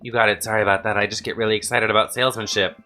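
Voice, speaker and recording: Woman putting on a loud pushy teen hawker. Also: level tone, very fast, faint music behind. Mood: sheepish. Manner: booming showman sales pitch. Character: loud pushy teenage boy merch seller.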